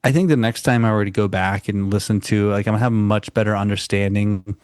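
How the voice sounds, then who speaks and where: A man with a fairly low voice chats casually on a music podcast. He talks in halting stretches filled with "like" and restarts. The recording is dry and close. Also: fairly even intonation, a little mellow, no echo. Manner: loose, halting, says "like" often. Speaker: podcast co-host.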